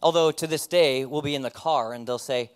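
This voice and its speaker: A man's voice: mid-range voice, fairly quick, smooth. A man in his thirties, a pastor, giving a candid personal testimony in a sermon, self-deprecating and often laughing at himself.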